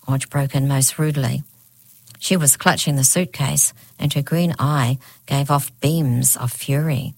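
A woman narrating a children's story aloud in a clear, expressive storytelling manner. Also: low voice, a little slow, no echo, low-quality recording.

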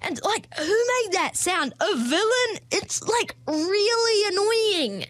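High-voiced chatty woman. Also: very animated, slow pace, a bit bright, no room sound. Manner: chatty and playful, lots of fillers and jokey asides. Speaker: podcast host. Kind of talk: casual comedic monologue.

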